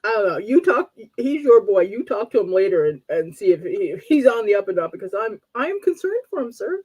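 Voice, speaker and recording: A woman's voice: medium pitch, sing-song, brisk, darkish tone, breathy edge, lo-fi sound. A woman hosting a casual live-stream talk show, blunt and teasing with emphatic points.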